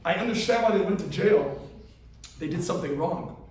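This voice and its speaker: A man's voice: high-pitched, animated, fairly quick, a little mellow, voice pushed down. A man doing a baffled alien visitor. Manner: earnest, pleading questions. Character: bewildered male alien visitor, curious and easily shocked. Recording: echoey hall from far off.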